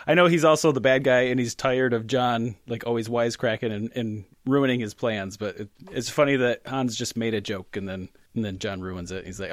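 A man's voice: mid-range voice, a little fast, no echo, studio quality. A man co-hosting a casual podcast chat, rambling and joking as he corrects himself. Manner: rambling, self-correcting, jokey. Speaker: podcast co-host.

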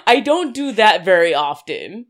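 A woman chatting casually as a podcast co-host, self-deprecating and quick to laugh. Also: mid-range voice, very animated. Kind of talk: casual chat.

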